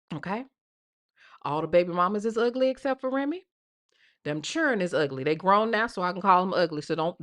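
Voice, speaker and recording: Woman, live stream host, bright forceful tone, profane casual gossip delivery. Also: mid-range voice. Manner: blunt, profane, repeats "okay?". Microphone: live stream mic.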